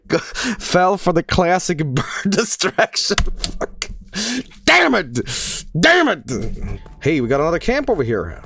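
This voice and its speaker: A man from Sweden streaming a horror game, commenting casually, swearing and yelling at what happens on screen. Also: high voice, measured pace. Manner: excitable, profane, yells and laughs at the game. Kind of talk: live gameplay commentary.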